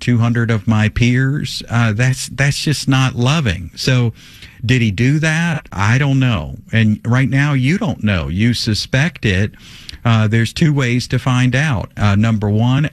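A man with a mid-range voice teaches on a call-in radio show, talking a caller through her question. He is emphatic and fires off rhetorical questions, but stays conversational, with plenty of "uh" fillers. The sound is dry and close, with no room echo. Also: mid-range voice.

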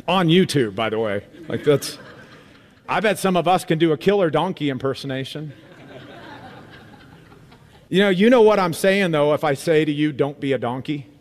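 A man preaching a sermon as pastor of a church, emphatic and animated, repeating phrases for effect. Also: fairly high pitch, moderate pace, long pauses, long reverb tail. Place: church sanctuary.

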